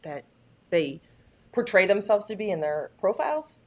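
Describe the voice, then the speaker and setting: A woman's voice: medium pitch, very animated, moderate pace. A woman talking candidly and earnestly as a guest in a casual chat, often restarting her sentences.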